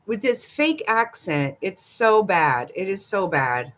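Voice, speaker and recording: Slow-talking older woman, giggly and gossipy. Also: mid-range voice, big pitch swings, fairly bright tone. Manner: giggly, gossipy, talks back to chat. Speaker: livestream host. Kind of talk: casual live chat with viewers.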